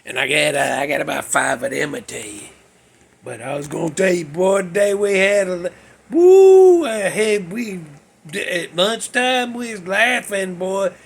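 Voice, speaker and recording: A man's voice: sits high, fairly even intonation, normal speed, creaky, fairly bright tone, breathy edge. A man, hosting a casual show from his garage, telling rambling folksy stories with frequent chuckles and restarts. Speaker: podcast host.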